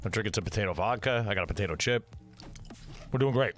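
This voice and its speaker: A man's voice: lowish voice, lively intonation, fairly bright tone, soft background music. A man from New Jersey hosting a casual chat, rambling with lots of fillers. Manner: fast, rambling, frequent "like" fillers. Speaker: host.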